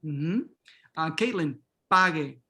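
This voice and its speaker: Teaching pronunciation online by video call, this middle-aged instructor calls on students, echoes their words and keeps affirming them. He speaks slowly in a fairly high, bright voice with a forceful edge.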